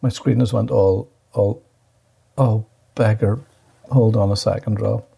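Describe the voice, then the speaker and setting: Gravelly, husky man. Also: fairly low pitch, steady tone, unhurried, dark tone. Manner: rambling, distracted, restarts a lot. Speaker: podcast co-host. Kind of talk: casual chat.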